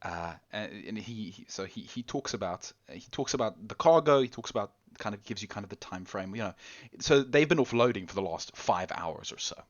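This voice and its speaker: A man narrating a tabletop game as game master, halting and restarting often. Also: lowish voice, lively intonation, lo-fi sound. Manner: halting, with many restarts and laughs.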